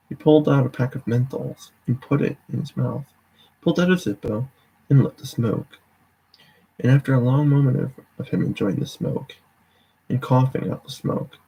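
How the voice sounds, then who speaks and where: Guy reading a horror story live, gravelly husky voice, trips over words a lot. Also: mid-range voice, normal speed, mellow, low-quality recording. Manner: stumbles and corrects himself often. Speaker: reader.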